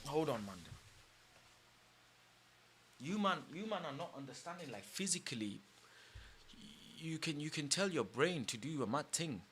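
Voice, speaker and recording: A man's voice: fairly high pitch, expressive, a little slow, pauses often, a bit bright, slight background noise. A man streaming casually, boastful and heated, swearing a lot and using street slang. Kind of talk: casual livestream chat.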